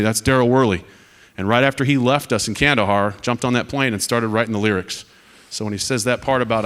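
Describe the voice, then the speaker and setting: A man's voice: medium pitch, quick pace, fairly bright tone. A man in his forties, a retiring Air Force officer, speaking earnestly to students at a panel, telling stories over slides with wry asides. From United States.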